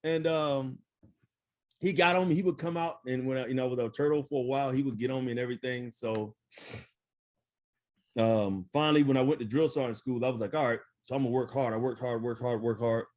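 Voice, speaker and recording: A retired army first sergeant, middle-aged, recounts stories in a laid-back interview at a fairly quick clip and medium pitch. He is lively, laughs often, and leans heavily on fillers.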